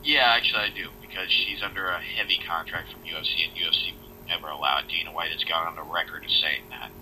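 A man's voice: deep voice, fairly even intonation, fast talker, bright, forceful tone, slight background noise, poor audio. A man co-hosting a casual wrestling podcast, talking bluntly and swearing now and then. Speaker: podcast co-host. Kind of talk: casual chat.

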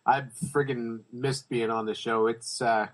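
A man's voice: mid-range voice, little pitch movement, a little slow, low-quality recording. A man from Canada, a returning guest, chatting casually and joking with the hosts. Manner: easygoing, joking, trailing off. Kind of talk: casual chat.

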